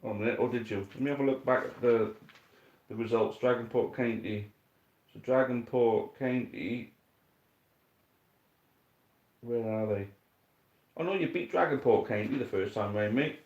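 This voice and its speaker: A young man hosting and commentating a dice football tournament, chatty and excitable, swearing casually. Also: mid-range voice, normal speed, pauses often, dull audio. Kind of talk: live commentary and casual chat.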